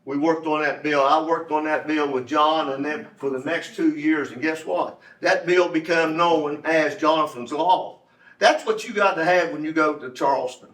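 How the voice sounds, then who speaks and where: A man's voice: on the high side, fairly bright tone. A man, giving a folksy, rambling campaign speech at a club meeting, repeating his points for emphasis. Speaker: candidate for state delegate. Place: meeting room. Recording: roomy echo, distant mic.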